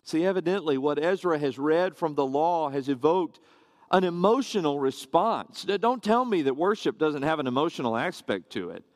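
A man's voice: on the high side, expressive, normal speed, no echo, clean studio sound. A male pastor giving a conversational, explanatory sermon from a church platform, with asides to the congregation. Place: church sanctuary, standing on a carpeted platform.

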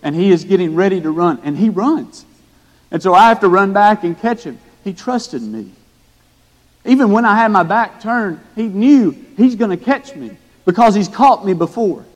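A man preaching a storytelling sermon, animated and folksy, with frequent restarts. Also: high-pitched, moderate pace. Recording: echoey hall.

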